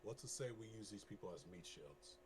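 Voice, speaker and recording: Blunt male player, lowish voice, noisy call audio. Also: expressive, fairly quick. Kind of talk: in-character tabletop chat.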